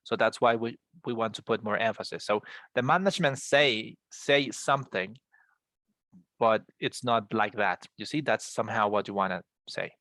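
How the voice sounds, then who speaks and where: A man's voice: lowish voice, moderate pace, a bit bright, no echo. A man teaching an English class over a video call, encouraging his students and often repeating words as he explains.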